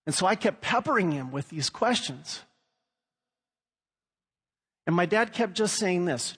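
A man's voice: sits high, animated, a little slow, long pauses, fairly bright tone, breathy edge. Man preaching a sermon in a reverberant hall. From Louisiana. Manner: storytelling, acts out quoted voices. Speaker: pastor.

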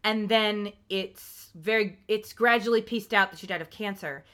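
A woman co-hosting a casual TV recap podcast, talking animatedly, swearing and acting out scenes in quick quoted asides. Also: medium pitch, a bit bright. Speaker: podcast co-host.

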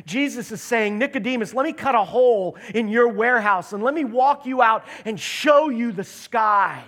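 A man preaching a sermon, animated, acting out the lines of Bible characters as he retells the story. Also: very high voice, normal speed. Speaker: pastor.

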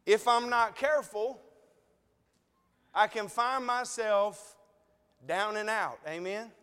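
A man's voice: high-pitched, slow pace, pushed and bright, smooth. A man preaching a sermon in an earnest, conversational way, asking repeated rhetorical questions. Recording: long reverb of a large hall.

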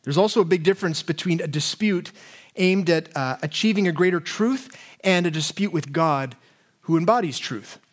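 Man, preacher, sermon, high voice, earnest, repeats words. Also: normal speed. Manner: earnest, repeats words for emphasis, asks listeners questions.

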